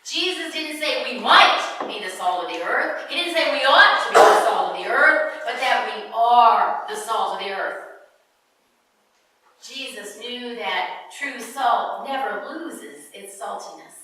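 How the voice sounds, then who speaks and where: A woman pastor delivering a sermon in a measured, emphatic way with touches of humor. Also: fairly high pitch, expressive, pushed and bright, a little hiss or hum. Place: church sanctuary. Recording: echoey church hall from far off.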